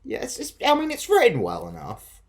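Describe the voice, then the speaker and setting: Jokey, animated reaction co-host. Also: male voice, a little high, brisk. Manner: chatty, jokey, laughs often. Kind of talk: casual reaction chat.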